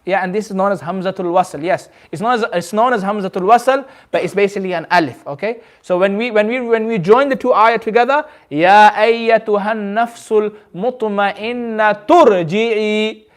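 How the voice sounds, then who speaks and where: High-voiced man teaching a class. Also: fast talker, hardly any pauses. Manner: explains patiently, repeats points, quizzes the class. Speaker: Quran recitation teacher. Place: community centre classroom.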